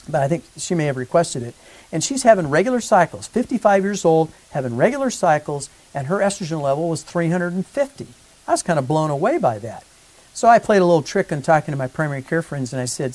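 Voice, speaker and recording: A man, a physician, giving a conversational educational talk to patients and growing animated when he acts out exchanges with colleagues. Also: fairly high pitch, low-quality recording.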